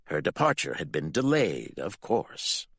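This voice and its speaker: A man narrating a dark fantasy audiobook with expressive, dramatic storytelling. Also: low voice, a little slow, gravelly, husky, dry recording, clean studio sound.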